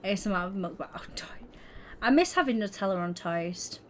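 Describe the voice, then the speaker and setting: A young woman with an expressive, mid-range voice chats casually with her viewers at normal speed, giggling as she streams while gaming. There's a little hiss or hum in the recording.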